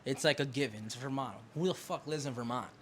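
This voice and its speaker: Young male podcast co-host, mid pitch, animated storyteller, casual and profane, faint rumble behind. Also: quick pace. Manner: animated storytelling, swears freely, acts out phone arguments. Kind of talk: casual chat.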